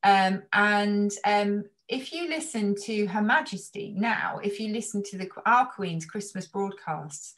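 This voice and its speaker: A woman from England with a received pronunciation accent, a language expert explaining things in an interview in a measured, thoughtful way with frequent ums. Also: mid-range voice, fairly bright tone, slight background noise. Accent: British received pronunciation.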